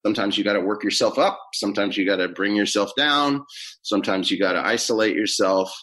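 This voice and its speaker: A middle-aged man, an actor, chatting in an interview in a relaxed, rambling way with many fillers. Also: on the low side, fast talker. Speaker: actor guest. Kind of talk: casual interview chat.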